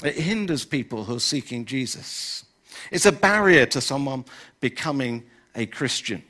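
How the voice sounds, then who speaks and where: A man's voice: medium pitch, lively intonation, moderate pace, bright, forceful tone. An older man, preaching a sermon in a conversational way and often saying "you know". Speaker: pastor.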